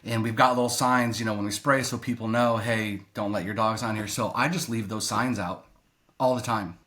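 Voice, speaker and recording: A man who coaches youth sports, a podcast guest in casual chat, telling stories in an animated, exasperated way. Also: fairly low pitch, normal speed. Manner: animated storytelling, exasperated rants.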